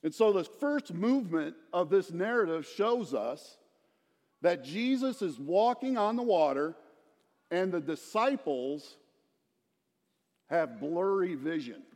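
Middle-aged male preacher, high voice, lively storytelling sermon, hall reverb. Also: slow. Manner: animated storytelling, asks the congregation questions. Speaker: pastor.

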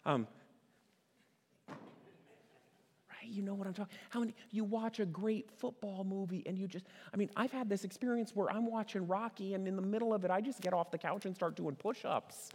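A middle-aged male pastor preaches with a fairly high voice, keeping it conversational and throwing questions out to the crowd. He slows right down on the words he wants to land. The sound rings with the long reverb of a big hall. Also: darkish tone. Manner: conversational, asks the audience questions, stresses words by slowing down. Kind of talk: sermon.

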